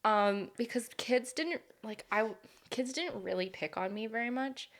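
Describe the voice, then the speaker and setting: A woman's voice: on the high side, animated, a little slow. Young woman telling blunt, laughing stories. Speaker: co-host. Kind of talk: casual chat.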